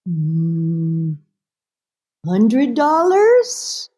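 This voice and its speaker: A woman doing her slow, clipped elderly mother. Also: on the low side, huge pitch swings, warm tone, slightly rough, full character voice. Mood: matter-of-fact. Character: elderly immigrant mother, halting English, matter-of-fact.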